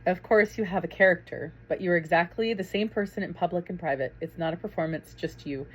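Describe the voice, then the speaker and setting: Midwestern mom vlogger, kinda low voice, chatty and gushy, laughs a lot while she talks to the camera. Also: fairly quick. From Minnesota. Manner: chatty and effusive, laughs often. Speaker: parent vlogger. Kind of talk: casual storytelling to camera.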